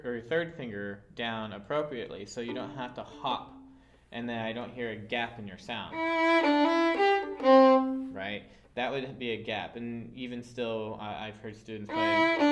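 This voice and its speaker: A man teaching a violin part, explaining dynamics patiently with occasional fillers. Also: medium pitch. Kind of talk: instrument lesson.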